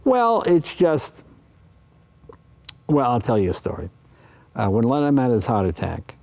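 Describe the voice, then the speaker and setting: Older male guest, mellow tone, lively storyteller who acts out quotes. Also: lowish voice. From East Coast of the US. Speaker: interview guest. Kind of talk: anecdotal interview talk.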